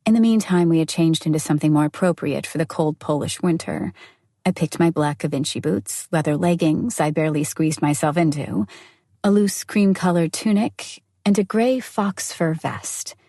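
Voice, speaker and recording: A woman reading a first-person novel aloud in an even, intimate way. Her voice is mellow and slightly breathy and sits a touch low. The recording is close and dry. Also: moderate pace, dry recording. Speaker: audiobook narrator. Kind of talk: first-person audiobook narration.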